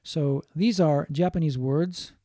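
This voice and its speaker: Male lecturer, mellow tone, patient and repetitive delivery, dry close sound. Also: on the high side, dry recording. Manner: explains slowly, repeating points and adding Japanese glosses. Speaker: linguistics teacher. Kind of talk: online lecture.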